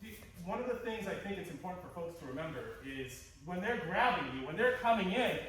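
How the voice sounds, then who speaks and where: A man with a high voice co-teaches a martial arts class in a wry, explanatory way, laughing at his own jokes. He is heard from across a large training hall, and his voice echoes strongly off the walls. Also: animated, a little fast, fairly bright tone. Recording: echoey gym heard from a distance.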